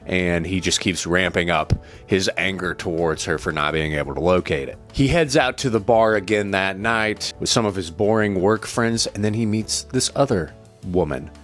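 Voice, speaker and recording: A man's voice: sits low, moderate pace, a bit bright, soft background music. A man recapping a film as a casual movie reviewer, in a blunt, irreverent way with the odd swear word.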